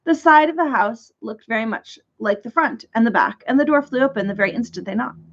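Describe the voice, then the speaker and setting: Brief: woman storyteller, lively read-aloud, slightly high voice, dull lo-fi recording. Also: a little fast. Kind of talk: reading a children's story aloud.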